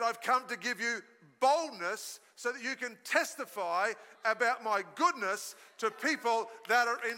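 A man preaching a sermon as pastor at a live church service, telling stories energetically and calling on the congregation to join in. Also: extremely high pitch. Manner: storytelling, energetic preaching with audience call-and-response. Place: church hall. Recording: live sermon in a reverberant hall.

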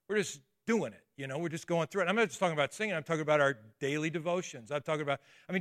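A pastor preaching a sermon, talking in an emphatic, conversational way and throwing rhetorical questions at the congregation. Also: male voice, fairly high pitch, pushed and bright. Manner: conversational asides and restarts.

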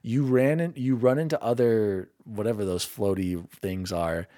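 A young man hosting a casual gaming podcast, openly sentimental and quick to laugh at himself. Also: on the low side, steady tone, mellow, no room sound, studio quality. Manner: emotional, self-deprecating, quick to laugh. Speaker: podcast host.

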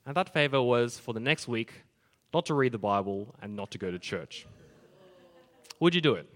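A man's voice: mid-range voice, lively intonation, fairly quick. Man preaching a sermon in a reverberant church. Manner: earnest, explaining scripture step by step.

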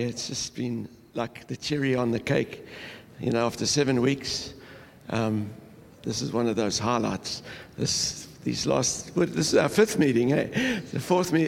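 A man's voice: mid-range voice, creaky, long reverb tail, a little hiss or hum. An older man from Durban, a pastor opening a sermon in a jovial, rambling way and laughing often, tired from lack of sleep. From South Africa (Durban). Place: church hall.

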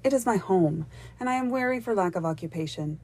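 A woman's voice: medium pitch, expressive, brisk, darkish tone, close to an everyday voice. A woman voicing a tender, defiant young female wood nymph in a storybook reading, earnest and pleading.

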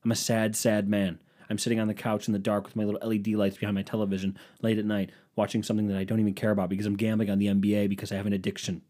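A young man with a fairly low voice hosts his own podcast, riffing in a loose comedic rant. He talks in a sarcastic, self-mocking way that wanders from point to point. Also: completely flat delivery, racing, hardly any pauses, dark tone. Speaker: podcast host.

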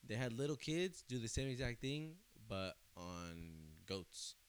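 A young man chatting casually, telling stories with lots of laughter and big swings between loud and quiet. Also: mid-range voice, unhurried, clear, resonant tone. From California. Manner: animated storyteller, laughs often, swings loud and soft. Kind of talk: casual chat. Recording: faint hiss.

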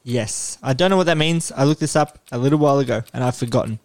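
A fast-talking podcast host with a mid-range voice quizzes his co-host in a casual chat. He's playful, curses, and addresses him as "mate."

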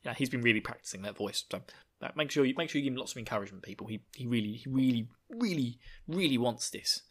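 A man's voice: medium pitch, expressive, fast talker. Rambling, jokey man. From United Kingdom. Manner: rambling, jokey, laughs at own jokes. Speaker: podcast host. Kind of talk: casual chat.

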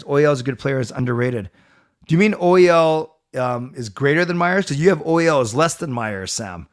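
A middle-aged man hosting a live stream, reading viewer comments aloud and answering them in a relaxed, chatty way. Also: mid-range voice. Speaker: livestream host reading chat. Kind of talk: casual chat.

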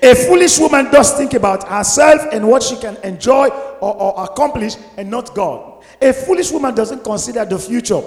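A man preaching a sermon as a pastor, emphatic and at times shouting. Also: high voice, normal speed. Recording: echoey hall.

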